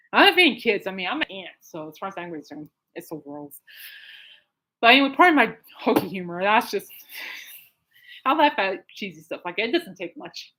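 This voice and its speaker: A woman's voice: medium pitch, bright, forceful tone, low-quality recording. A woman hosting her own podcast, rambling casually through a story with frequent laughs and restarts. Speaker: podcast host. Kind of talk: casual solo podcast chat. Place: at home.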